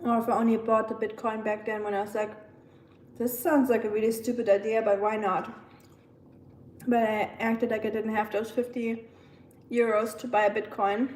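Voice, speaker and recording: A woman's voice: on the high side, little pitch movement, moderate pace, a little mellow, reverberant, poor audio. Chatty German woman streaming from home. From southern Germany. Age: young adult. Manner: chatty, laughs often, reacts to chat messages. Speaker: live streamer. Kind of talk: casual chat with a live stream audience.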